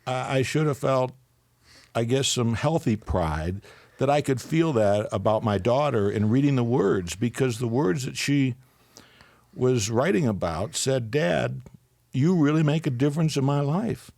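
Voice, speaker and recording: A man's voice: medium pitch, lively intonation, measured pace, gravelly, darkish tone, dry recording. An older man, a psychologist and guest on a radio interview, telling a personal story as he tears up and laughs.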